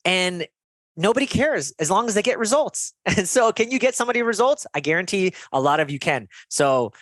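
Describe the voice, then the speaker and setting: A man's voice: high voice, a little fast, no room sound. A man guest on a podcast, talking in an earnest, motivational way and telling stories from his coaching work. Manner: earnest, motivational, animated storytelling. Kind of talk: conversational interview.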